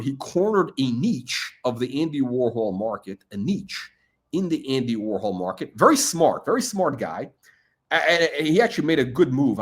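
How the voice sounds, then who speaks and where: A middle-aged man hosting a watch channel, chatting in a gossipy, digressive way, full of asides and fillers. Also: a little high. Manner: gossipy, digressive, heavy on "you know" fillers. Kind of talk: rambling livestream chat.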